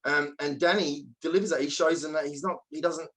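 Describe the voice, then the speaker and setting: A man's voice: fairly high pitch, steady tone, fairly quick, a crowd in the background, rough recording. An Australian man co-hosting a podcast, chatting casually and telling stories with animation. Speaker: podcast co-host. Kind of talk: casual chat.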